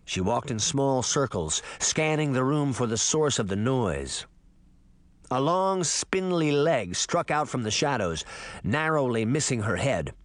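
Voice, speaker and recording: A man narrating a fantasy audiobook in a dramatic, expressive reading style. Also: mid-range voice, unhurried, dry recording. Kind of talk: scripted narration.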